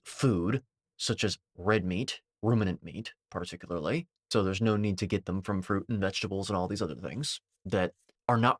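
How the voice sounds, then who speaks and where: A man's voice: on the low side, fairly bright tone, dry recording, clean studio sound. A man giving a dismissive, combative reaction commentary, packed with technical jargon and occasional swearing.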